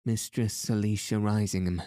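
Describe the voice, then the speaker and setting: A man reading as a calm old lord. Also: lowish voice, moderate pace, no echo, clean studio sound, natural voice. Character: calm older nobleman, lord guardian.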